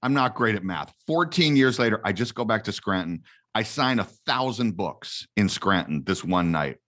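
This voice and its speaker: A man talking as a guest on an interview show, telling stories in a lively, self-correcting way. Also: moderate pace. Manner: animated storyteller, self-correcting, jumps to a high voice. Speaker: guest actor promoting a book. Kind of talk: casual interview chat.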